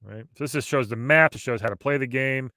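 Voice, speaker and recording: Man, 40s, host, eager and laughing, bright lively voice, dry close sound. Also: mid-range voice, a little fast, no echo. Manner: enthusiastic, laughs often. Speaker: podcast host. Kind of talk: casual chat.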